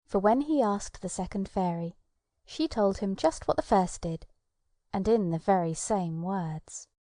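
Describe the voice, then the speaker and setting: A woman reads a children's storybook in a mellow, soft-edged voice, gentle and storytelling. She sits close to the mic in a dry space with no room sound. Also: medium pitch, measured pace, no room sound. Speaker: audiobook narrator. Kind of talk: scripted narration of a children's storybook.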